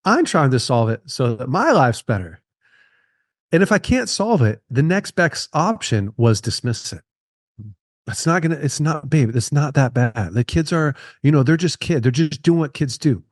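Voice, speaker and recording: A man's voice: on the high side, expressive, normal speed, no echo. Earnest man talking, dry close sound. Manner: earnest, repeats phrases for emphasis. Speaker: podcast guest. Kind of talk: conversational podcast interview.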